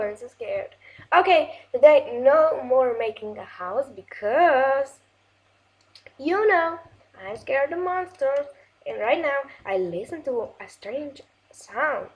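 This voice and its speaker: A high-voiced, jumpy woman hosts a gaming video, giving casual commentary as she plays. She's excitable and easily startled, gasping and laughing nervously, and her non-native English is halting with frequent restarts.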